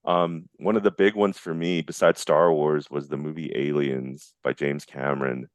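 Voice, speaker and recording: Low-voiced enthusiastic man, rambling. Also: steady tone, normal speed, no room sound, studio quality. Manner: rambling, enthusiastic, many restarts. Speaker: guest, visual effects artist. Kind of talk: casual interview chat.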